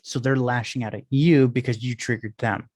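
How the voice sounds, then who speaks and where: A man of middle pitch talks casually as a podcast guest. He rambles and restarts as he tells his stories. The sound is dry and close. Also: steady tone, darkish tone, dry recording. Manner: rambling, storytelling, quick restarts. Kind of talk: casual interview chat. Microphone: video call on phone.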